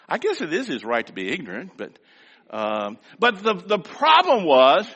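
A man's voice: sits high, wildly swooping pitch, normal speed, pushed and bright, big-room sound. An older man preaching a sermon in a folksy, rhythmic way, with lots of repetition. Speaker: pastor.

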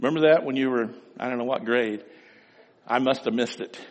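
A middle-aged man preaching a sermon, telling folksy stories with sudden swings between loud and soft. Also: medium pitch, fairly quick, long reverb tail, highs cut off. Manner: folksy storytelling with wide swings in loudness. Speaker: pastor.

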